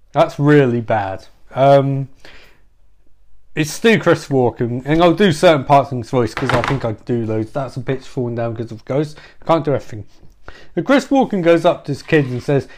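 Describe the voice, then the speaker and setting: A man's voice: medium pitch, expressive, normal speed, a little mellow. A man hosting a podcast, talking through a rambling comedic monologue with self-interruptions, swearing and asides. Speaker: podcast host.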